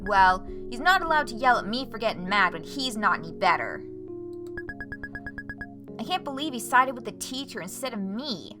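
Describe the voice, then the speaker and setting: Lady doing a defiant hotheaded teen girl, loud and high, music in the background. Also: very animated, moderate pace. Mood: bitter. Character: defiant hot-tempered teenage girl.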